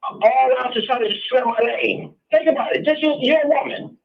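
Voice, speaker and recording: A man with a very high voice calls in over a dull, lo-fi phone line. He is blunt and profane, circling back to the same points again and again in a heated call-in talk. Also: a little fast, gravelly. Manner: blunt, profane, repeats himself. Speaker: caller.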